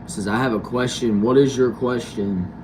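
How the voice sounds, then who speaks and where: A man's voice: mid-range voice, fairly even intonation, moderate pace, background noise. A young man from Texas, hosting a casual livestream and answering viewer comments aloud. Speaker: livestream host.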